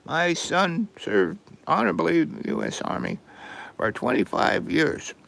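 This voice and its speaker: A man's voice: on the high side, sing-song, a little slow, creaky, a bit bright, a little hiss or hum, pitched above the performer's own voice, heavily acted. A man voicing his fierce, protective old grandmother, quoted sternly.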